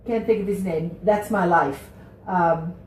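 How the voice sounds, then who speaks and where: A woman's voice: on the low side, measured pace, a little mellow, recorded from a distance, slight background noise. A woman hosting a radio show, chatty and rambling, often losing her train of thought. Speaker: radio host. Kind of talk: casual radio chat. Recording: roomy, off-mic.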